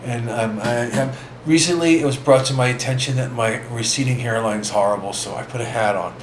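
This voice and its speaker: Rambling, echoey man showing old records. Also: medium pitch. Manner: rambling, halting, with many restarts and fillers. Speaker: vlog host. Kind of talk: casual record-collecting vlog. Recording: echoey room with faint ambient noise.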